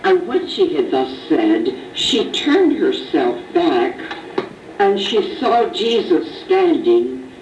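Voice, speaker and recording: Deep-voiced woman reading scripture slowly. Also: sing-song, darkish tone, a little hiss or hum. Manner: measured, announces verse numbers. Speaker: scripture reader. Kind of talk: Bible verse reading. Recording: distant, roomy, dull recording.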